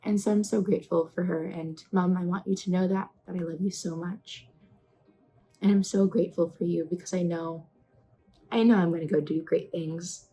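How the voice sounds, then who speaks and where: A woman in her twenties talking casually to the camera in a personal vlog, chatty and earnest, her questions rising with excitement. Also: fairly low pitch, normal speed, rough recording. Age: 20s. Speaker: vlogger.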